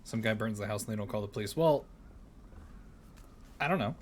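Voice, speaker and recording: A man streaming a game, chatting casually and reading a storybook aloud in a playful, animated way. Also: lowish voice, fairly quick, a little hiss or hum.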